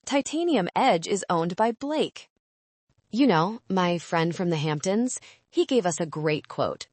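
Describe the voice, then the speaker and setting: A woman's voice: fairly low pitch, animated, measured pace, a little mellow, no echo. A woman voicing a spoiled, smug young woman who has just been made CEO, talking in a dismissive drawl.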